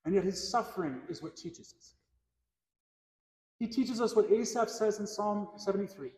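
A man with a high voice preaches a sermon, earnest and repeating key phrases to drive them home. His words ring out in a roomy church with a long, trailing reverb. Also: lively intonation, moderate pace, darkish tone. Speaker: pastor.

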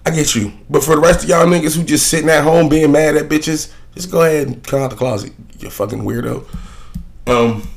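A man's voice: mid-range voice, normal speed. A young man hosting a solo podcast, ranting bluntly and profanely in a rambling, offhand way. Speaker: podcast host. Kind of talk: casual solo podcast rant.

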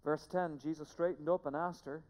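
Pastor, sermon, emphatic, repeats key phrases, hushed to loud, church sanctuary, long echoing reverb. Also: medium pitch, fairly even intonation, fairly quick. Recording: long reverb of a large hall.

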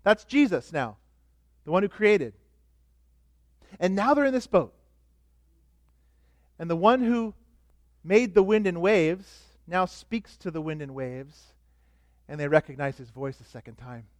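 High-voiced man preaching a sermon. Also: unhurried, pauses often, no room sound. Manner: animated preaching, drops to soft asides, acts out quotes. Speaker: pastor.

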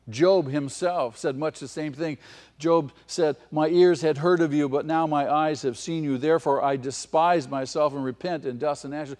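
A man preaching a sermon with passion, his voice swelling to near-shouts at its peaks. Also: a little high. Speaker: pastor. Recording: long hall reverb.

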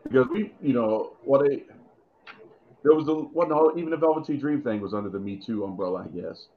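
A man's voice: mid-range voice, brisk, a little hiss or hum. A man co-hosting a casual wrestling chat, rambling and thinking aloud with many fillers. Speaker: podcast co-host. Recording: muffled lo-fi audio.

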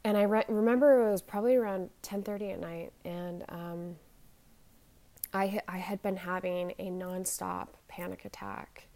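A woman in her forties tells a personal story in a halting, shaken way, full of restarts and fillers, anxious as she talks. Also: mid-range voice, steady tone, warm tone. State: shaken and anxious while telling it. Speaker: vlogger.

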